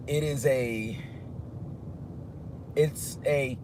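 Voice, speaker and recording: A man in his fifties talks casually on a live stream from the driver's seat, with a voice sitting a bit high for a man. The window is down, and clear street and traffic noise fills the phone recording. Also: lively intonation, measured pace. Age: 50s. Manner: talks loosely, reads viewer comments aloud. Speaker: rideshare driver livestreaming. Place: inside a car with the window down.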